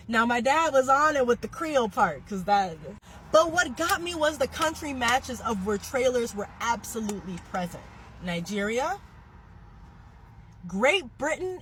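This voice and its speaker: A woman casually telling a personal story in an animated way, with swearing and laughing asides. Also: fairly high pitch, fairly quick, a little hiss or hum, rough recording. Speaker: social media commenter.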